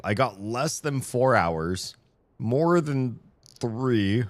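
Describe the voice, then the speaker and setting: A deep-voiced man, worn out after a long day, hosts his live stream in loose, jokey chat. He rambles and trips over his words, restarting phrases as he goes. The sound is close and dry, with no room echo. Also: very animated, slow pace. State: tired. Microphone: studio microphone.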